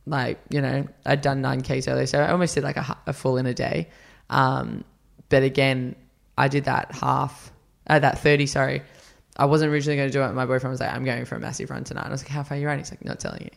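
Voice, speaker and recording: A man's voice: medium pitch, level tone, fast, creaky. A man, a podcast guest, chatting casually and telling stories, acting out quotes with lots of fillers. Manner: chatty storyteller, acts out quotes, many fillers. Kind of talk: casual interview chat.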